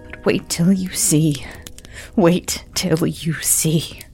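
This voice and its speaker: A woman's voice: deep voice, fairly even intonation, slow pace, creaky, darkish tone, soft background music, heavily acted. A woman voicing a terrified dying man who groans and drops into whispers, in a spoken ghost story. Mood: frantic. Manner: frantic, groaning, breaks into whispers.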